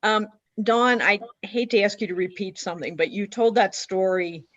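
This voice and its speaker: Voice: mid-range voice, normal speed, fairly bright tone, dry recording. A person on a video call asking a panelist to retell a story, in a chatty, friendly way. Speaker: panel audience member asking questions. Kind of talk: casual questions on a video call. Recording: dull, dry video call audio.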